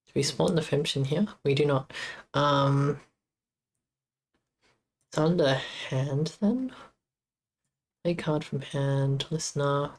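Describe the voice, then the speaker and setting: A woman with a very low voice talks through her game code on a live stream. She speaks slowly and haltingly, muttering questions to herself as she debugs, with a relaxed, unhurried pace. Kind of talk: casual live-stream coding commentary.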